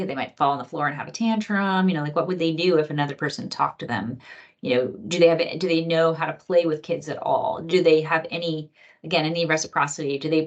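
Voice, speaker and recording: A woman's voice: on the low side, dull audio. A middle-aged woman giving a recorded training lecture, talking conversationally with many fillers and acting out little quotes. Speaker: physician trainer.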